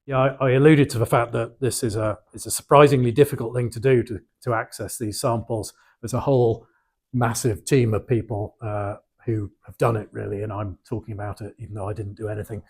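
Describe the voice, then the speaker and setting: A man's voice: lowish voice, steady tone, a little fast, gravelly, a little mellow, husky. A middle-aged man giving an academic lecture, hesitant, with frequent ums and restarts.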